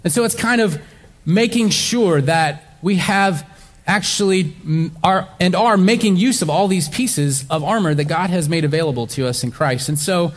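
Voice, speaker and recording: A man with a fairly high voice delivers a sermon to his congregation. He talks in a loose, conversational way, starting sentences over and dropping in fillers as he explains the passage. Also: normal speed, big-room sound. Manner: conversational preaching with fillers and restarts. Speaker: pastor.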